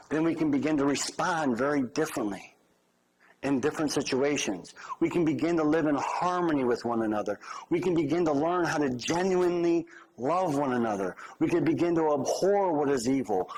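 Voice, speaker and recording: A man's voice: on the high side, a little mellow, a little hiss or hum, rough recording. A male pastor giving a conversational sermon with humorous asides.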